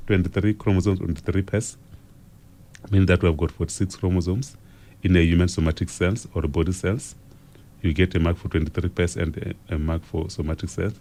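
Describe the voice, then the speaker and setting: A man with a South African accent teaching an exam revision lesson on radio, slow and repetitive as he dictates key phrases. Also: sits low, a little mellow.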